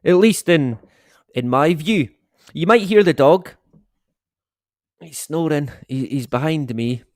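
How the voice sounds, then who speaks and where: A man's voice: on the high side, lively intonation, takes it slowly, long pauses, no room sound, clean studio sound. A man hosting a casual live stream from home, chatting with viewers in a rambling way and chuckling often. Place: at home, dog snoring behind him.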